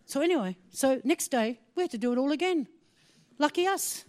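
A woman preaching a sermon, telling a personal story with animated swings between hushed asides and excited exclaiming. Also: high voice, a little fast.

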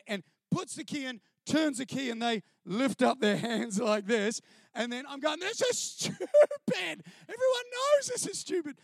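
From the stage, a man sharing a testimony tells a funny story to an audience in an unusually high, creaky voice. He's lively and animated, slips into mimicking others, and laughs mid-sentence. The sound is very dry and close, with no echo.

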